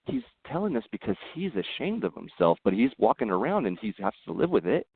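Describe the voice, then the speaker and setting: A man who is a podcast guest, talking earnestly in casual conversation and telling animated stories with frequent restarts. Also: lowish voice, fairly quick, husky, dry recording. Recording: tinny phone-like line.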